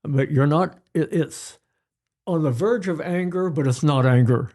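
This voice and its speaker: Older male pediatrician guest; relaxed, drawn-out delivery, mellow voice, acts out examples. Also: fairly high pitch. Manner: unhurried, storytelling, acts out examples. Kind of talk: advice-giving interview chat.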